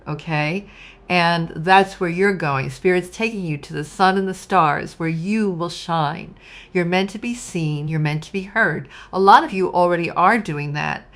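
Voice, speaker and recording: Gushing low-voiced woman reading tarot. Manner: warm, gushing, emotional, addresses viewers as "you guys". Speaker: tarot reader. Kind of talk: casual tarot reading monologue.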